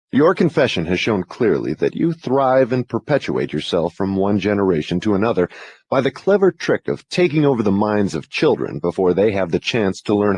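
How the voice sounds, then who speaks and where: A man's voice: lowish voice, darkish tone, husky, no room sound, exaggerated voice. A man playing a formal, demanding interrogator who questions with insistence in an audiobook dramatization.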